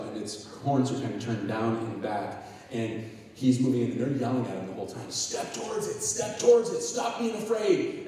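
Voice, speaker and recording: Male youth speaker, mellow tone, animated storyteller who acts out voices; recorded from afar in a reverberant auditorium. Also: medium pitch. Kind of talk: sermon. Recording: echoey hall, distant mic.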